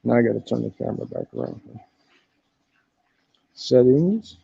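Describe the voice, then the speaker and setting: Gravelly laid-back man streaming from a phone. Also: medium pitch, animated, moderate pace, dark tone, lo-fi sound. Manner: laid-back, swears often, keeps saying "man". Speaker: live streamer. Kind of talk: casual live-stream walkaround. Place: hostel in Thailand. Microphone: phone camera.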